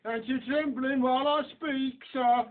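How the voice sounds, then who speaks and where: Blustering beadle, loud and pompous, pitched up; thin old film audio. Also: male voice, fairly even intonation, unhurried. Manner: booming, menacing. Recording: tinny old film soundtrack.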